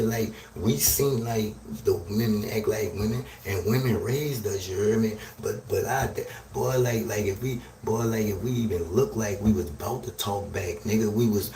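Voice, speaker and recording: A man hosting a live stream, delivering a loud, crude, rambling rant and checking in with "you hear me?". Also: on the low side, moderate pace, hardly any pauses. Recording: roomy echo, distant from mic, faint noise.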